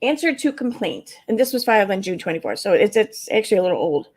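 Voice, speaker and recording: Speaking fast in a sing-song, medium-pitched voice, this Midwestern American woman runs a laid-back livestream. She rambles, curses freely and responds to viewers in the chat.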